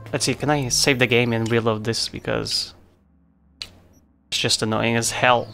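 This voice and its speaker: A man's voice: medium pitch, creaky, fairly bright tone. A man giving casual let's-play commentary, thinking aloud with lots of fillers and mild exasperation.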